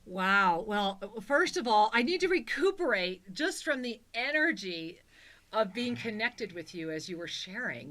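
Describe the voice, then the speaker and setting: Effusive bright-voiced spiritual host woman. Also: mid-range voice, big pitch swings, normal speed. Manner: effusive, warm endearments, soft guided-meditation delivery. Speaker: spiritual talk show host. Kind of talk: live call-in spiritual reading.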